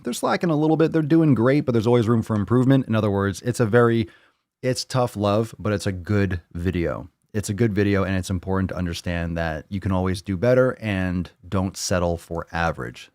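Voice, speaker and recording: A man's voice: low voice, a little mellow, dry recording, studio quality. A man hosting a live fitness Q&A stream from home, ranting in a blunt, fired-up, profane way. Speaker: fitness show host. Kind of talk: live Q&A stream, casual rant. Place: home on a video call.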